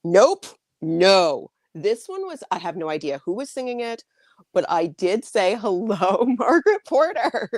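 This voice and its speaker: A woman's voice: mid-range voice, sing-song, unhurried, a little mellow, no room sound. A woman co-hosting a casual book chat with dry, wry humor and frequent laughter. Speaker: podcast co-host.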